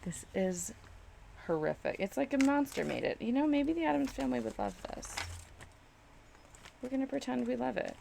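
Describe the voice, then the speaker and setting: A woman's voice: sits high, expressive, normal speed, creaky, pauses often, dark tone, slight background noise. A woman chatting casually on a live stream while crafting in her home studio, exasperated and self-mocking, swearing freely.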